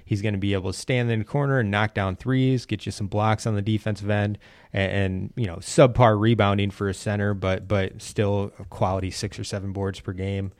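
A man pitching fantasy basketball sleepers in a casual podcast chat, enthusiastic and prone to stumbling restarts. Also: flat delivery, fairly quick, no echo, clean studio sound.

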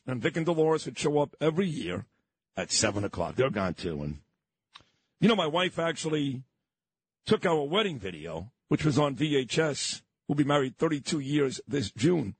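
A man's voice: fairly high pitch, very animated, normal speed, slightly rough. A man, a radio host reminiscing in a sentimental, rambling way. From Brooklyn, New York. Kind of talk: reminiscing on-air chat.

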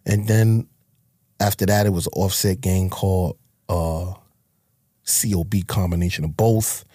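A man's voice: deep voice, fairly even intonation, a little slow, warm tone, slightly rough, no room sound, studio quality. A man, telling his life story as a guest in a blunt, profane, emotional way. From Harlem, New York. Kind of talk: candid life-story interview.

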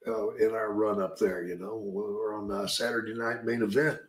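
A man's voice: fairly low pitch, steady tone, moderate pace, roomy sound, poor audio. A man telling a long story in a drawling, profane way, leaning on "brother" and "man". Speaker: podcast host and retired wrestler telling stories. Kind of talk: casual storytelling.

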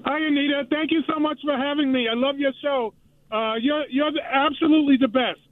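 High-voiced man calling in on a tinny phone. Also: steady tone, fairly quick. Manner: polite, eager, keeps trying to finish his point. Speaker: caller. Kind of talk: call-in sports opinion. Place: in a car.

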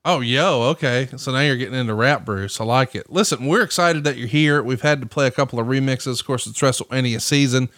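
A man's voice: mid-range voice, a little fast, hardly any pauses, a bit bright, no echo, clean studio sound. Upbeat teasing male podcast host. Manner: upbeat, teasing, steers the talk. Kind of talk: casual podcast hosting.

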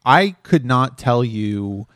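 A man's voice: mid-range voice, expressive, takes it slowly, fairly bright tone, no echo, studio quality. A man co-hosting a podcast, talking through a critique in an exasperated, analytical way. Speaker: podcast co-host reviewing TV episodes. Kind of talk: casual critical chat.

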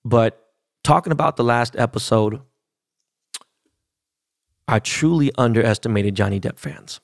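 A man's voice: on the low side, no room sound, studio quality. A man, hosting a podcast and telling a story in a casual, profane, slangy rant. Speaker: podcast host.

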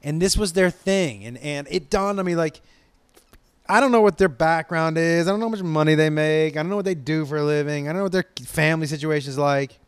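A man from Los Angeles spins a loose, excitable story in casual talk, cursing freely and tripping over his own restarts. His voice sits a little on the high side. The sound is dry and close, with no room around it. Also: brisk, smooth, no room sound. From Los Angeles, USA. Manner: rambling, profane, excitable.

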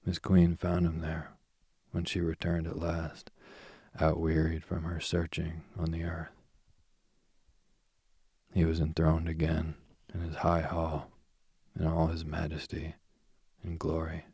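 A man reading a myth aloud as a soothing bedtime story, slowly and softly, drifting into whispers. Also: very deep voice, monotone, slightly rough, dry recording, clean studio sound. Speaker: sleep story reader.

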